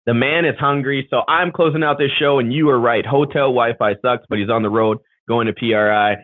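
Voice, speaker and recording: Talking fairly quickly in a medium-pitched voice, a man co-hosts a live racing talk show via video call. He chats casually and rambles his way through thanks and sign-offs. The audio is tinny and phone-like, with no echo.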